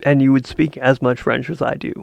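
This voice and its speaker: A Canadian man with a gravelly, fry-edged voice swapping stories on a casual podcast call. He laughs often and acts out both sides of a conversation. The sound is dry and close, with no room around it. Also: medium pitch, steady tone, a little fast, no echo, highs cut off. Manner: laughs often, tells stories with quoted back-and-forth. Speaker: podcast co-host. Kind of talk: casual chat. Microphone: video call.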